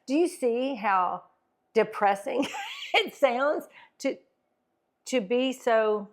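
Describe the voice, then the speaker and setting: Animated middle-aged woman co-hosting a chat. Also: fairly high pitch, takes it slowly, long pauses. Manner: animated, acts out tones of voice, laughs often. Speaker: podcast co-host. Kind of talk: casual faith and wellness chat.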